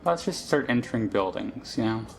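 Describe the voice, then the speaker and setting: A man's voice: on the low side, lively intonation, moderate pace, gravelly, darkish tone, a little hiss or hum. A man casually commentating a game he plays, rambling and thinking aloud with lots of fillers. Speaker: let's play host.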